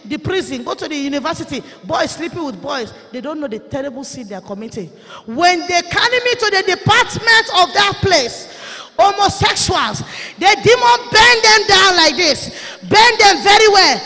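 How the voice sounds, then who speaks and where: A woman giving an impassioned, pleading sermon testimony, often shouting and tearful, as a preacher at a church conference. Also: very high voice. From Nigeria. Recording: reverberant hall.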